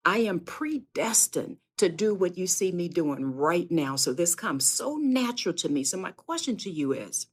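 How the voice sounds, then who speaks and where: A woman's voice: on the low side, breathy edge. A woman giving a live inspirational sermon on her podcast, speaking earnestly and directly to her listeners with repeated phrases and fervent emphasis. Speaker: podcast host and faith speaker.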